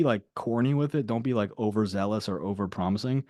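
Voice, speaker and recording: Male sales coach on a group call; deep, warm, dry, conversational and insistent. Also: fast, no echo. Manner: casual, emphatic, repeats key phrases.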